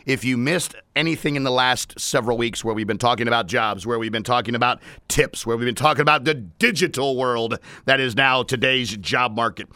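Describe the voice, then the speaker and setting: A man's voice: medium pitch, pushed and bright, dry recording. A man hosting a business talk radio show, playful and joking, with a scratchy strained voice. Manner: playful, rhymes and jokes, restarts.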